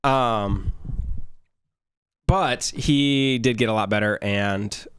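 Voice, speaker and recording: A man's voice: mid-range voice, drawn-out words, a bit bright, smooth, no echo. Congested man chatting on a podcast. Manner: rambling, chatty, lots of fillers. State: congested from a cold. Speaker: podcast co-host. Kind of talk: casual podcast chat.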